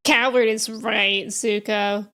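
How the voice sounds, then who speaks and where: A woman hosting a reaction video, giving expressive commentary, gushing as a fan who is quick to outrage and tears. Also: mid-range voice, a little hiss or hum. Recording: show audio playing under her voice.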